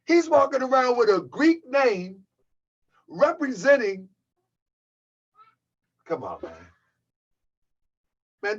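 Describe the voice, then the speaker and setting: A man's voice: extremely high pitch, muffled recording. A man hosting his own channel, delivering a heated, mocking rant and calling his viewers family. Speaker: channel host. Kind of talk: livestream rant.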